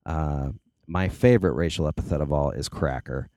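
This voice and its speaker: A man talking as a podcast guest in casual chat, sarcastic and animated, laughing often. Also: a bass voice, moderate pace, no room sound.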